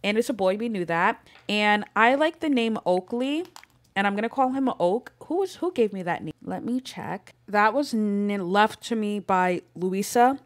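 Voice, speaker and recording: A woman's voice: mid-range voice, lively intonation, normal speed. A young woman giving chatty, casual commentary over a life-simulation game, with plenty of "like" and "um". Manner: chatty, fills talk with "like" and "um". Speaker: gameplay commentator. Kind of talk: casual let's-play commentary.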